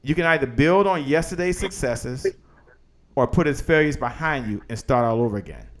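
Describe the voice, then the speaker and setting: A man's voice: medium pitch, lively intonation, moderate pace. A man hosting a live motivational business show, talking with energy and chanting the same lines over and over like a preacher. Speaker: host.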